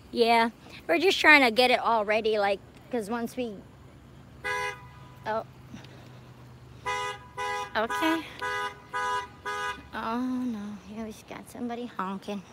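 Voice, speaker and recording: Chatty high-voiced woman vlogging outdoors. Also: slow, pauses often, slight background noise. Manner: chatty and excitable, coos at a frog. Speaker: vlogger livestreaming. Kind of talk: casual live vlog chat. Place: outdoor parking lot at night.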